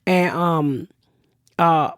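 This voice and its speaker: A woman's voice: low voice, fairly even intonation, drawn-out words, no echo, clean studio sound. A woman hosting a podcast who tells stories in a blunt, profane way. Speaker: podcast host. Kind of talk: casual podcast chat.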